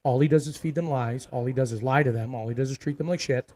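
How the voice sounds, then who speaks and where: Profane, ranting man with a dark voice. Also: mid-range voice, fast, low-quality recording. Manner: profane, forceful, repeats himself for emphasis. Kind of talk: ranting video monologue.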